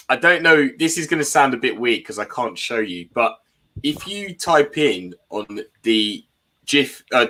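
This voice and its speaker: Bright-voiced excitable football fan. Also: male voice, medium pitch. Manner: excitable, laughs often, enthusiastic. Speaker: guest fan. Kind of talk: casual football chat.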